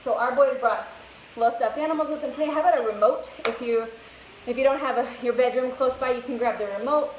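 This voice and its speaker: Leading a live outdoor workout class for kids, this young fitness instructor has a bright, high voice and speaks fast, upbeat and a bit winded. The open-air recording places her far from the mic, with heavy echo and plainly audible background noise.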